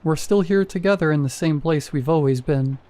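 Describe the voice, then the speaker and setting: A soothing, patient husband in a spoken horror tale, his voice soft and kind, as a man reads him. The tone sits a little high and mellow. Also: normal speed, lightly acted.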